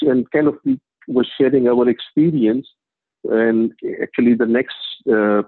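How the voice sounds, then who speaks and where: Man presenting on a call, husky, hesitant and self-correcting, tinny line. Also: medium pitch, no room sound. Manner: halting, self-correcting, many fillers. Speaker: meeting presenter. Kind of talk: online meeting update. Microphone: video call. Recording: tinny phone-like call audio.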